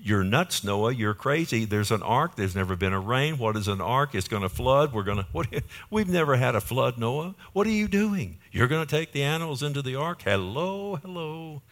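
A man's voice: medium pitch, expressive, normal speed, hardly any pauses, a bit bright, pitched above the performer's own voice. A man voicing a jeering scoffer who mocks someone for building a boat, in a taunting, incredulous tone. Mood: mocking.

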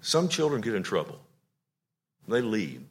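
Man preaching, loud to hushed. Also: lowish voice, very animated, unhurried. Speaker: pastor. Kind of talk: sermon.

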